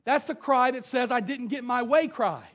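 High-voiced man preaching a sermon. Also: normal speed, a bit bright. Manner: storytelling, reads scripture aloud and retells it. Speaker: pastor. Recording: dull lo-fi sound.

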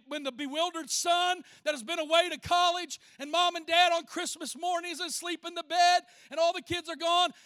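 A man's voice: extremely high pitch, dry recording, clean studio sound. A man preaching a sermon as pastor, telling folksy stories and calling out to the congregation. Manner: folksy, animated storytelling, calls out to the congregation.

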